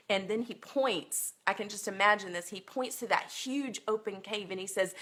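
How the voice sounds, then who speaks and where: A woman's voice: mid-range voice, moderate pace, hardly any pauses, fairly bright tone. A woman teaching a Bible lesson on a phone livestream, earnest and emotional, with many ums.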